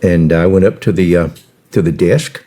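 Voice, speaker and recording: An older man telling a personal story in a rambling way, pausing often on fillers. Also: low voice, mellow. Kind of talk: casual storytelling.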